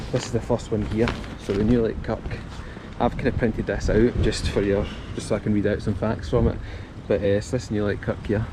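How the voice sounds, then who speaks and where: A man with a Scottish accent giving a casual walking tour outdoors in a town centre, chatty and jokey, reading facts aloud in a quiet voice. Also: lowish voice. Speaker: streamer on a guided town walk. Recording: outdoor street noise, traffic.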